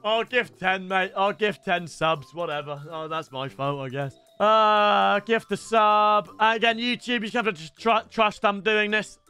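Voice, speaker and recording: A man with a fairly high, bright voice chats loosely to his audience, often breaking off and restarting his sentences. He mocks himself in an easygoing way while reacting to clips. Faint music sits under his voice. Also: measured pace, few pauses, smooth. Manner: chatty, self-mocking, lots of restarts. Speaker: reaction video host. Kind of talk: casual reaction commentary.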